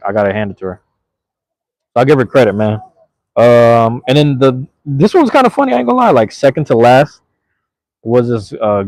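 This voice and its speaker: Low-voiced man rambling through a casual recap. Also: darkish tone, dry recording, low-quality recording. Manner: slangy, loose and rambling with many fillers. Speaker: vlogger recapping a comedy show. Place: outdoors near a playground.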